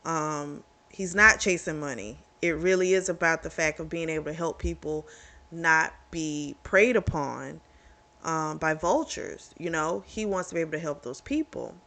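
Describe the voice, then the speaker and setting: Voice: mid-range voice, sharp tone. Chatty book reviewer recapping a romance. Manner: chatty, retells plot with quick reactions and laughs.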